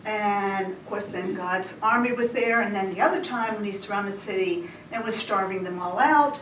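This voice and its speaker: A woman's voice: medium pitch, expressive, normal speed. A woman teaching a women's Bible study, retelling scripture in a chatty, everyday way. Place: church meeting room. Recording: roomy hall, distant mic, faint hiss.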